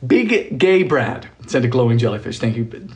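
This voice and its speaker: Animated man hosting a live cooking stream. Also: medium pitch, normal speed, slight background noise. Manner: animated, playful, thanks viewers often. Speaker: cooking livestream host. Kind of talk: chatty live cooking stream, reading viewer comments.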